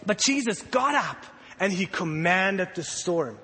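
It sounds like a sermon to kids and a congregation: a man with a light, high voice speaks a little slowly, his voice trailing a long reverb across a spacious hall. He tells the story animatedly, taking on the voices of the frightened disciples.

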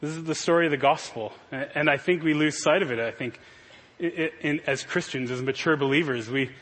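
Male pastor in his thirties, slightly husky and a bit high-voiced, preaching with earnest storytelling in a long-echo hall. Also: a little fast, a bit bright. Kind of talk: sermon. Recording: reverberant hall.

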